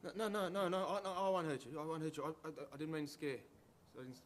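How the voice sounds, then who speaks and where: A man's voice: fairly high pitch, racing, lightly acted. A man playing a frightened, paranoid man off his medication, agitated and stammering, repeating himself. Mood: panicked.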